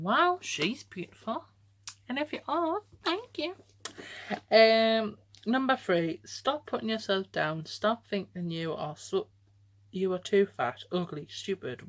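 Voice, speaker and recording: A woman's voice: mid-range voice, gravelly. A young woman reading aloud an old letter she wrote to herself, breaking off to comment and laughing often, in a casual reflective way.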